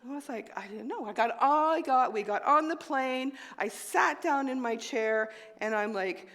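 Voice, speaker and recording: A woman preaching a sermon with personal testimony, swinging between loud exclaims and hushed near-whispers. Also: high voice, moderate pace, in a large hall. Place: church sanctuary.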